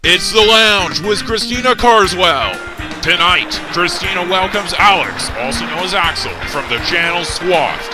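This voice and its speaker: Male announcer, high and upbeat, over clear music bed. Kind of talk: show announcer intro.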